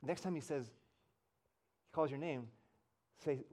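Man, pastor, sermon, storytelling, slightly high voice, animated. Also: takes it slowly. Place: church in front of a congregation.

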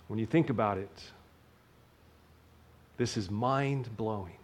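A man preaching a sermon as pastor, earnest, rising with emphasis and dropping to a soft hush. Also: fairly low pitch, slow pace. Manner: earnest, builds up then drops to a soft hush.

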